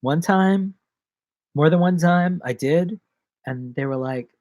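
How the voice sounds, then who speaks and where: A man's voice: on the high side, slow pace, darkish tone, dry recording. A man chatting casually on a live stream, rambling from one joke and bit of wordplay to the next.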